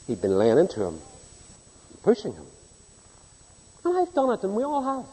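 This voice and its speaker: A man preaching a sermon in a large hall with a long, ringing reverb. His voice is dark and a little husky, and his pitch jumps around a lot as he acts out the people in his stories. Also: wildly swooping pitch, moderate pace, pauses often. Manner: storytelling, mimics people in anecdotes, swings from hushed to loud.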